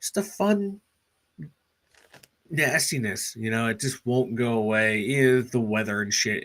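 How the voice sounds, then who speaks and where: A man's voice: mid-range voice, measured pace, fairly bright tone. A man co-hosting a casual sports chat show while sick with a cold, laid-back and congested, mostly giving short agreeing replies. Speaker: podcast co-host.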